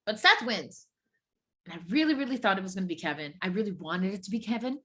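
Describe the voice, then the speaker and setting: A woman co-hosting a podcast in casual chat, animated and swearing often, restarting her sentences as she goes. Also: medium pitch, fast. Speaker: podcast co-host.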